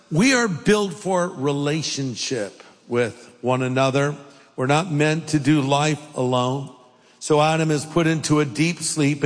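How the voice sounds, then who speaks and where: High-voiced man preaching in a hall. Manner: animated, joking preaching. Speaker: pastor. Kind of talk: sermon. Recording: long hall reverb.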